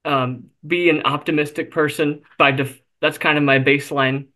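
A man's voice: on the high side, steady tone, normal speed, sharp tone. A man being interviewed, telling a personal story candidly, with self-deprecating humor and frequent fillers. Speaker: interview guest.

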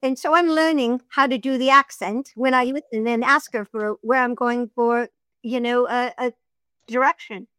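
A woman's voice: on the high side, fairly even intonation, sharp tone, smooth, no room sound, clean studio sound. A middle-aged woman, a voiceover artist and audiobook narrator, chatting in an interview and telling stories with easy laughs. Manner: chatty, storytelling, quick to laugh. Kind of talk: casual interview chat.

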